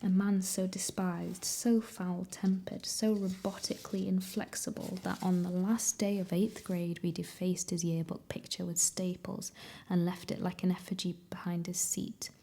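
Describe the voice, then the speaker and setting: A woman's voice: lowish voice, little pitch movement, creaky, husky. Woman reading in a whispered role-play. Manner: soft, slow whispered reading. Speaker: ASMR reader.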